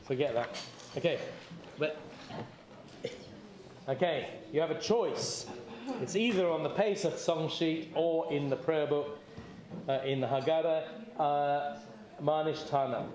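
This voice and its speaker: A man's voice: on the high side, measured pace, long pauses, a little mellow. A man leading a group seder, chatty and encouraging, with light jokes as he guides the room through it. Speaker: seder leader. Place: community hall or synagogue. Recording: echoey room.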